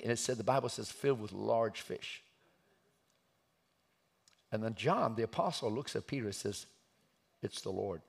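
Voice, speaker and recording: Gravelly preacher telling a dramatic story. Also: male voice, mid-range voice. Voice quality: gravelly, husky. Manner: dramatic, swings from hushed to shouting while acting out the story. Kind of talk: sermon storytelling.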